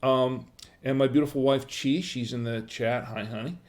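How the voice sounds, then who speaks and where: A man hosting a casual wine livestream from home, talking straight to his viewers. He rambles in a friendly, chatty way, with plenty of "uh"s and restarts. His voice sits at an ordinary middle pitch. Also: steady tone, moderate pace. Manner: rambling, frequent fillers and restarts. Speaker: wine review livestream host. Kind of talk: casual live-stream chat.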